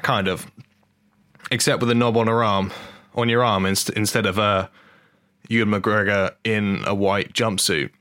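A podcast host with a lowish voice reads a news story aloud and riffs on it. He is wry and loose, swears freely and trips over the lines. The recording is close and dry, with no room sound. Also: sharp tone, no echo. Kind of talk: casual comic chat reading a news story aloud.

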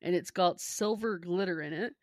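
A woman's voice: on the low side, normal speed, a little mellow, dry recording, clean studio sound. A woman co-hosting a casual podcast chat, talking in a giggly, chatty way full of fillers. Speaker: podcast co-host.

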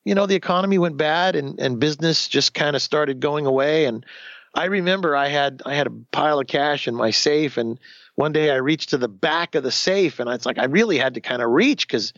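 Man, fifties, storytelling interview, gravelly, slightly high pitch, animated, dull dry sound. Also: fairly quick, no room sound. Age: 50s. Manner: animated, acts out quoted voices, restarts sentences. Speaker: guest telling his life story.

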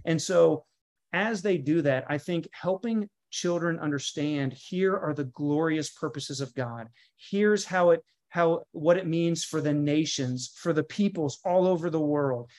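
Earnest preacher-like man, fairly high voice. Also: a little mellow. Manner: emphatic, preacher-like, builds through lists and repeated phrases. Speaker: pastor and guest author. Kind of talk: podcast interview, earnest teaching tone.

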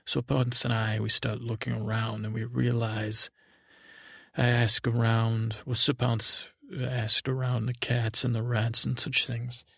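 A man improvising a rambling, halting comic story in a naive, childlike persona, full of restarts. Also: medium pitch, flat delivery, vocal fry, fairly bright tone, husky, no room sound, clean studio sound. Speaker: comedy podcast host. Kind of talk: improvised in-character comedy storytelling.

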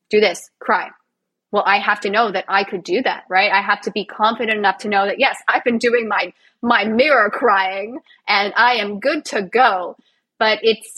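A woman's voice: medium pitch, fairly bright tone, breathy edge, poor audio. A woman guest on a podcast, a physiotherapist and actor, chatting with a sarcastic, self-mocking humor and frequent laughs. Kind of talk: casual interview chat.

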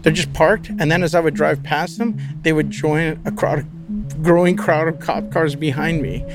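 A man's voice: on the high side, moderate pace, music in the background. A man as an interview guest, telling a story casually with a vivid, profane manner.

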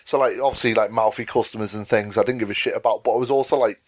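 A man's voice: fairly low pitch, fairly even intonation, very fast, dry recording. A young man co-hosting a podcast, telling a story in a casual chat, swearing and laughing often. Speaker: podcast co-host.

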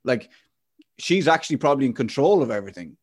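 Reflective Irish podcast host. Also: male voice, medium pitch, big pitch swings, fast talker, slightly rough. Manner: reflective and frank, casual swearing. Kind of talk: candid podcast chat.

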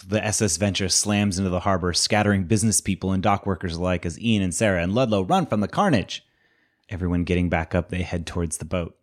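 A man's voice: sits low, brisk. A man hosting a podcast, casually recapping a movie with lots of fillers. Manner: rambling, filler-heavy.

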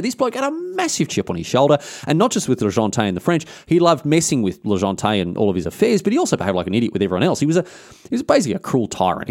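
Fast, lively Australian man telling history. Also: mid-range voice, no echo, studio quality. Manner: animated, slangy, irreverent. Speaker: podcast host. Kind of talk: casual history storytelling.

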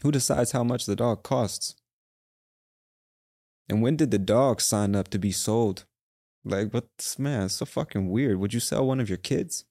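A man's voice: mid-range voice, measured pace, vocal fry, dark tone, dry recording, studio quality. A young man hosting a podcast, talking alone in a casual, rambling rant full of swearing. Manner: rambling, profane, ranting. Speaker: podcast host. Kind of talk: casual solo monologue.

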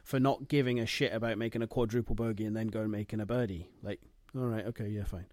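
Low-voiced, matter-of-fact male podcast co-host. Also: steady tone, quick pace, darkish tone, dry recording, clean studio sound. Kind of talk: casual chat.

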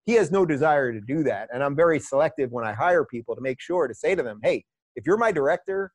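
A middle-aged man, a podcast guest, telling stories in a casual, animated way and often repeating words as he starts phrases. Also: mid-range voice, fast, no room sound, clean studio sound. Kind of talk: casual storytelling. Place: lives in a large US city.

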